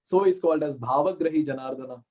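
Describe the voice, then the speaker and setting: A man with an Indian accent, a temple speaker giving an animated devotional storytelling talk and acting out the characters. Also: a little high, fast talker.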